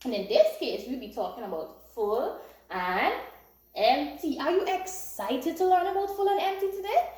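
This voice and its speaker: A woman teaching a young class, her fairly high voice swooping up and down as she coaxes and praises in a sing-song way. The recording carries the echo of the classroom around her. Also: animated, moderate pace, darkish tone. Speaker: primary school teacher. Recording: echoey room.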